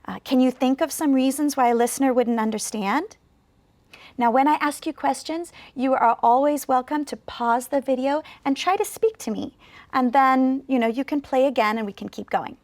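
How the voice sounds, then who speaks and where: Casting: high-voiced female ESL teacher, slow clear encouraging delivery. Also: a little mellow, dry recording. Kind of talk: video lesson to learners.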